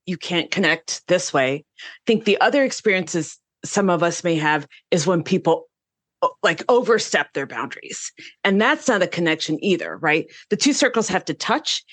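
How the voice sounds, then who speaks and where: A married woman speaking as a guest on a podcast panel, assertive and confident, talking in an animated way. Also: fairly low pitch, no echo.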